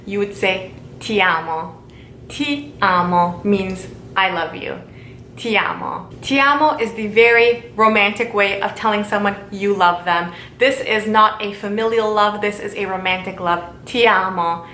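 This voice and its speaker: A woman teaching a language lesson, speaking slowly and repeating each word for learners to follow. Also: mid-range voice, sharp tone, reverberant, slight background noise. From Italian heritage. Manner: slow, repeats words for learners.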